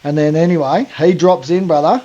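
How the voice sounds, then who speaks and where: A man's voice: fairly high pitch, a little fast, dark tone, highs cut off. An Australian man hosting a podcast, telling a long story in a rambling, slangy way full of fillers. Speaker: podcast host. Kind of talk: casual storytelling.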